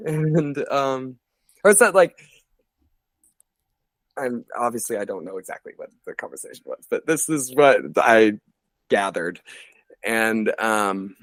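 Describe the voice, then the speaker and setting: A man in his thirties telling stories as a podcast guest in a casual, rambling way, full of fillers and lively impressions of other people. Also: medium pitch, unhurried, long pauses, no room sound. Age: 30s. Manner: rambling, filler-heavy, animated quoting of others. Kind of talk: casual storytelling interview. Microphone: podcast studio mic.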